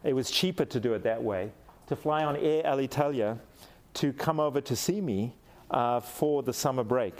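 A man's voice: medium pitch, normal speed. A middle-aged man from Africa giving a sermon, telling a personal story with animation and acting out the quoted lines. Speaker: pastor.

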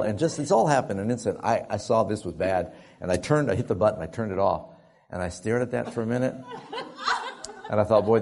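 A male preacher telling a story in a sermon, animated and often laughing as he talks. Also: on the low side, gravelly.

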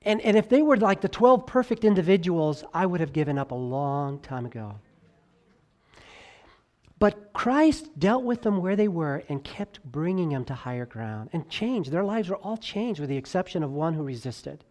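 Dramatic preaching man with big swings. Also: lively intonation. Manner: dramatic swings from loud highs to hushed lows; stretches key words slowly for emphasis. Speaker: pastor. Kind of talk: sermon.

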